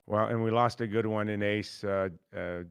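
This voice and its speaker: Smooth low-voiced podcast host. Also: male voice, steady tone, moderate pace, no echo, clean studio sound. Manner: easygoing, prompts the guest with questions. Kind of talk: casual sports podcast interview.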